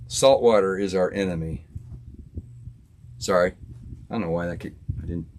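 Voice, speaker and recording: Laid-back, low-voiced man chatting on a stream. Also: moderate pace, a little mellow, slight background noise. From Florida. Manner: laid-back, chatty, laughs often, says "man" a lot. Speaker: musician hosting a live stream. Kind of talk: casual live-stream chat reading viewer comments. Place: home studio.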